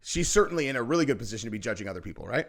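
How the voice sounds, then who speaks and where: A man's voice: medium pitch, very animated, rapid-fire. A man hosting a political commentary show, ranting in a heated, profane and mocking way, often acting out quotes.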